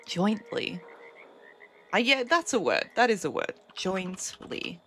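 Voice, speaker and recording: A woman's voice: fairly high pitch, wildly swooping pitch, brisk, pushed and bright, a little hiss or hum. A woman streaming a game at home, chatting casually with her viewers and laughing easily. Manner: chatty, reads out and answers chat, laughs easily. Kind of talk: casual live-stream chat while gaming.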